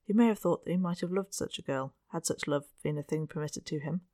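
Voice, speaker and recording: Reader for a classic-novel audiobook: steady, unhurried delivery, mid pitch, bone-dry close mic. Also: no room sound. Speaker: audiobook narrator. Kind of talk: scripted narration of a Victorian novel.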